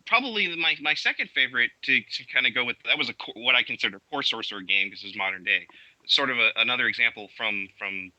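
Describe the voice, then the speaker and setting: Male guest, casual chat, enthusiastic, halting delivery full of restarts; tense, bright tone. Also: medium pitch, dry recording, poor audio. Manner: halting, many restarts and fillers; enthusiastic storytelling. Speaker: podcast guest. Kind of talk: casual interview talk.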